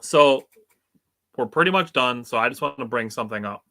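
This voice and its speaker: A young man with a Wisconsin accent chats loosely about his home teams as a podcast co-host, relaxed and quick to laugh. His voice is bright and forward, middle in pitch, and he tosses his opinions out easily. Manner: chatty, laughs easily, puts on silly accents. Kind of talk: casual sports chat.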